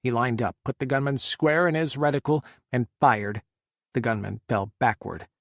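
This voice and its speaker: Guy narrating an audiobook, steady measured read, super dry close mic. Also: medium pitch, vocal fry, no room sound. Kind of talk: scripted narration.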